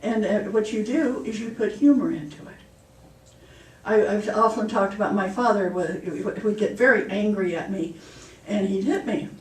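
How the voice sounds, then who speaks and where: A woman's voice: mid-range voice, moderate pace. A woman minister giving a sermon in a chatty, storytelling way. She laughs at her own jokes. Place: church hall. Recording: echoey hall, mic far off.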